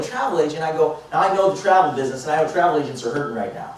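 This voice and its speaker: A man in his fifties, a motivational speaker telling lively stories to a live audience and acting out both sides of conversations. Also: a little high, fast talker. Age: 50s. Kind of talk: storytelling talk to a live audience. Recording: echoey hall, mic far off, faint noise.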